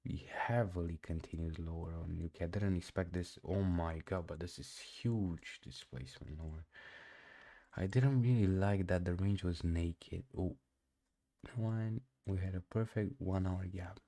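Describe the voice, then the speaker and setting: A man's voice: low-pitched, unhurried, dark tone. A young man who speaks English as a second language, giving casual, slangy commentary while trading live. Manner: casual and slangy, often says "bro"; non-native English speaker. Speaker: day trader streaming live.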